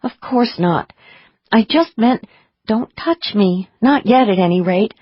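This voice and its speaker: A woman's voice: mid-range voice, expressive, takes it slowly, husky, dry recording, muffled recording, voice pushed up. A woman doing a wary young woman psychic. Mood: earnest. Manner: earnest, quiet.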